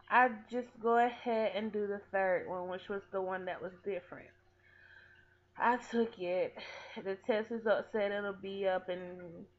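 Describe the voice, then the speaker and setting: Woman, 20s, vlogger, earnest rambling storytelling, slow pace, tinny phone-line sound. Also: mid-range voice. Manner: earnest, rambling, heavy use of "like". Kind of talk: personal storytelling vlog.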